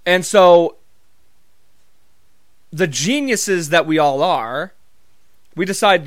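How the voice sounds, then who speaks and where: Guy rambling on a vlog, swears a lot, kinda high voice, dry close sound. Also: expressive, a little slow, pauses often, a bit bright, no room sound. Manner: rambling, profane, jokey storytelling. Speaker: vlogger. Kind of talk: casual comedic monologue.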